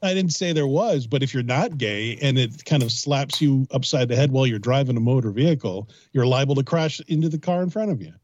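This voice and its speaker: A man's voice: medium pitch, a little fast, few pauses, darkish tone, dry recording. A man in casual banter as a co-host, telling jokey stories. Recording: dull dry lo-fi sound.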